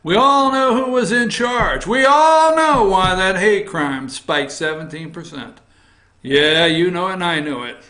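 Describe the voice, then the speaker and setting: A man's voice: high voice, animated, a little slow, pushed and bright. A man hosting a casual opinion talk show from his office, reading through news items with a wry, teasing manner. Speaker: host.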